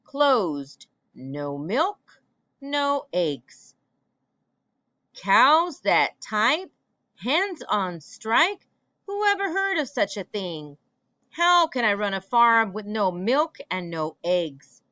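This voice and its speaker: A woman's voice: mid-range voice, sing-song, takes it slowly, pushed and bright, dry recording, muffled recording, heavily acted. A woman doing an exasperated storybook farmer. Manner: indignant, exclaiming. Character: exasperated middle-aged male farmer. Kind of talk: read-aloud storybook voice.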